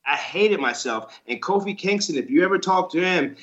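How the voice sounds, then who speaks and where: A man in his thirties, a former wrestler guest chatting casually and acting out stories with lively voices. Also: a little high, moderate pace, lo-fi sound. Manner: animated storyteller, acts out quotes with voices. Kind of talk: casual interview chat.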